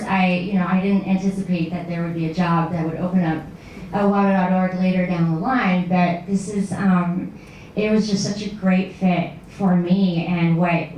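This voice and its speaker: Woman, lowish voice, interview answers, distant mic, faint hiss. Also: fairly even intonation, moderate pace, a little mellow. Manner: thoughtful, with frequent fillers. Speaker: nonprofit staff member. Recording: echoey room from a distant mic with faint noise.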